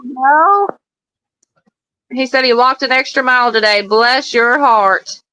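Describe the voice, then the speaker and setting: A woman's voice: high-pitched, takes it slowly, sharp tone, dry recording, rough recording. A woman co-hosting a casual livestream, chatty and reassuring as she relays viewer comments. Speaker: livestream co-host reading comments.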